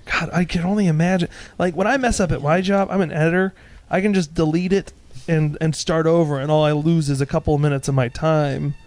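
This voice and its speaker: A man's voice: fairly high pitch, steady tone, fairly quick, a little mellow, dry recording. A man hosting a casual movie commentary, making wisecracks about the film and asking his guest questions. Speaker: commentary host.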